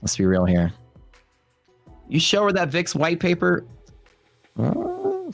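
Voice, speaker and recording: A man's voice: a little high, a little slow, no echo, faint music behind. A young adult man hosting a trading livestream, chatting casually with his audience and telling stories with playful quoted voices. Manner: joking, animated storytelling with quoted voices. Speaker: livestream host. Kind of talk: casual chat with live chat.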